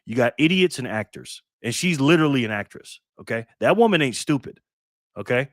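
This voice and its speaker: Animated and fairly quick, a mid-range male voice runs a casual live stream with a dry, clean studio sound. His commentary is a blunt, profane rant, broken up by shout-outs thanking viewers by name.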